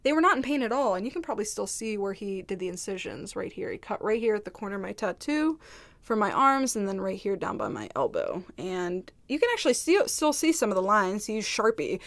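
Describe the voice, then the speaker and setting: A woman's voice: mid-range voice, sing-song, fairly quick, a bit bright. Candid rambling woman vlogger. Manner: candid, rambling, heavy use of "like". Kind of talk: casual storytime chat. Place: indoors, seated at home.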